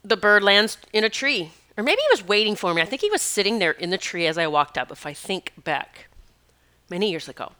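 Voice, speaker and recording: A woman with a bright, ringing voice tells a personal story in a loose, chatty way. She drifts into asides and fills her speech with "you know." Her tone stays clean and crisp. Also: medium pitch, animated, fairly quick. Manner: rambling and conversational, with many asides and "you know". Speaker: animal communicator and healer.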